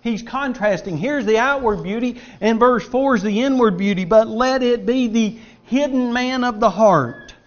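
A middle-aged man delivers an earnest sermon in a fairly high voice, pressing his points with shifts in loudness and pace. The recording sounds dull and lo-fi. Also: normal speed, few pauses. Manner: earnest, emphatic preaching with varied loudness and pace. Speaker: preacher.

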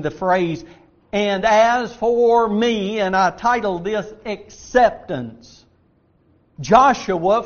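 Male preacher, high voice, emphatic, loud stresses and soft asides. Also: muffled recording. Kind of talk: sermon.

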